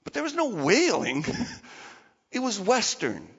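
Animated high-voiced male preacher. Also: unhurried, slightly rough, big-room sound, muffled recording. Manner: animated storytelling with acted-out voices. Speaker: pastor. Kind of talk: sermon. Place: church.

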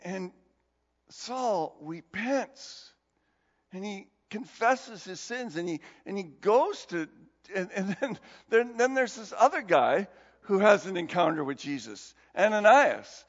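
A male pastor preaching a sermon, telling Bible stories in an animated, conversational way. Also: sits high, a little slow. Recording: dull recording in a long-reverb hall.

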